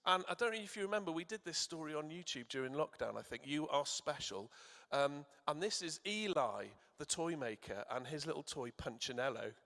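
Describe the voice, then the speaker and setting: A man with a fairly high, bright and forceful voice gives a sermon in a church. He keeps drawing in the children, encouraging them to shout out answers. A long reverb hangs around his words. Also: expressive, a little fast, gravelly. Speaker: church speaker.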